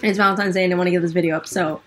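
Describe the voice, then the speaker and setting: A woman's voice: on the low side, fairly even intonation, very fast, soft background music. A young woman YouTuber chatting casually and giggling expressively while eating on camera. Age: young adult. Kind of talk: casual chat.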